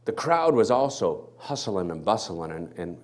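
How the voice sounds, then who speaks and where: A man's voice: low voice, normal speed. A male pastor preaching a sermon, acting out the people in the story as he goes. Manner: animated, acts out the people in the story. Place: church.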